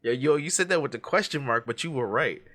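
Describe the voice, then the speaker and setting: A man's voice: mid-range voice, expressive, fast, pushed and bright. A man co-hosting a casual podcast, running a movie quote quiz with a playful, teasing manner. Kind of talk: casual chat.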